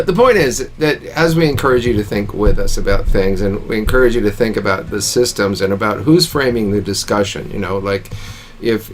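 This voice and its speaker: A man co-hosting a casual chat, explaining his view in an earnest way with stammered restarts. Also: fairly low pitch. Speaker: co-host.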